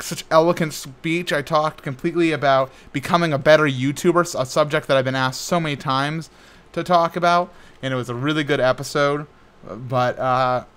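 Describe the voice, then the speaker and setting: A man's voice: on the high side, smooth. Frustrated young man rambling over gameplay. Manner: frustrated, rambling, yells at the game. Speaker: gaming YouTuber. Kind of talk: casual gameplay commentary.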